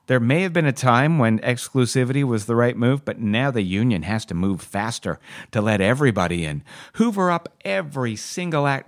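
A man's voice: lowish voice, no echo, studio quality. A man hosting a podcast, giving passionate, opinionated advice to listeners. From Canada. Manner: passionate, ranting, emphatic. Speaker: podcast host answering listener questions.

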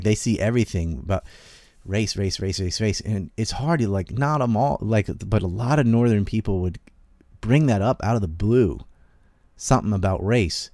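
Low-voiced Southern-raised man rambling. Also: a little mellow, no echo, studio quality. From American South. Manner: rambling, trails off and restarts, laughs often. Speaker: podcast host. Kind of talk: casual political chat.

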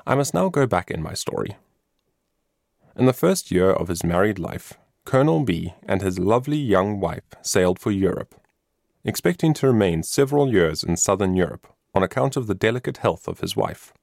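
A man reading a storybook aloud in steady, solemn narration. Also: low voice, moderate pace, creaky, dry recording, studio quality. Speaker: audiobook narrator.

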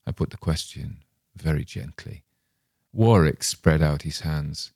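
A man hosting a show, reading a horror story aloud in a measured, dramatic way. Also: a bass voice, gravelly, a little mellow, no echo, clean studio sound. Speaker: host and reader.

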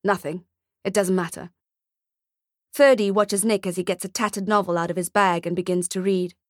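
Woman narrating a dark-humoured short story. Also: mid-range voice, fairly even intonation, fairly quick, no room sound, clean studio sound. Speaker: audiobook narrator. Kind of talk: scripted narration.

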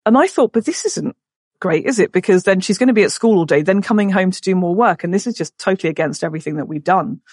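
A woman's voice: fairly low pitch, expressive, a little mellow, no room sound, studio quality. Emotional woman telling a family story. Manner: emotional, halting, with many restarts. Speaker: guest. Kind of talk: personal storytelling in a podcast interview.

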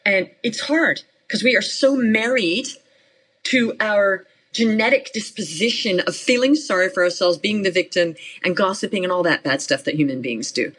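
Husky, emphatic woman coach. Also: mid-range voice, normal speed, a bit bright, low-quality recording. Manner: emphatic, matter-of-fact, repeats short commands. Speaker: business coach, podcast guest. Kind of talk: motivational interview talk.

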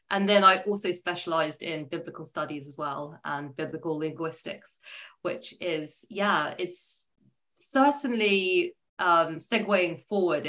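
A woman from Israel, a chatty, laughing interview guest talking about her work in brand strategy. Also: deep voice. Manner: lively, laughing, chatty with fillers. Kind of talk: casual interview chat.

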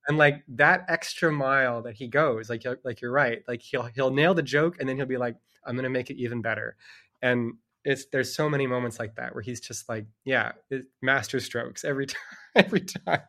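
A man's voice: medium pitch, moderate pace, bright, forceful tone. A middle-aged man, a children's book author, chatting casually as a guest, rambling and chuckling with lots of "like" fillers. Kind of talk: casual conversation about books.

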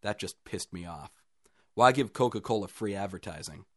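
A man reading a first-person short story aloud in a calm, even storytelling manner with dry understatement. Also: lowish voice, normal speed, dry recording. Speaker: story reader.

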